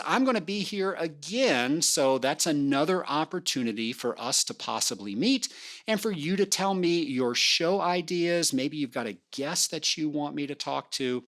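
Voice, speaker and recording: A bubbly woman hosts her podcast with an animated, swooping delivery and plenty of playful teasing. The sound is dry and close, with no room around it. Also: no room sound. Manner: upbeat, playful, swings in pitch. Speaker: podcast host. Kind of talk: energetic podcast interview.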